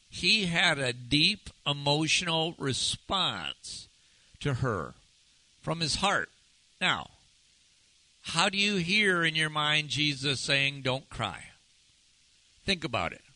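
A male pastor delivering a sermon in a very bright, forward voice that rings clearly. He talks slowly and keeps putting questions to the congregation, easing into a hushed, drawn-out delivery on the words that matter most. The sound is close and dry. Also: a little high, no echo, low-quality recording. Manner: asks the audience many rhetorical questions.

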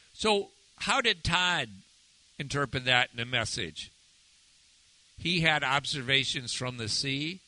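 A man teaching a Bible lesson in a conversational, animated way, retelling passages and asking his listeners questions. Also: medium pitch, takes it slowly, rough recording. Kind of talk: informal sermon teaching.

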